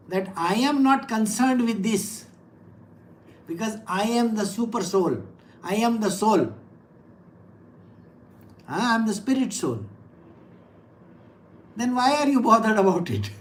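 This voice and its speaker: A woman, a spiritual teacher, giving a scripture discourse. She speaks directly, often asks the audience questions, and reads the verse slowly and with emphasis. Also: on the high side, rough recording.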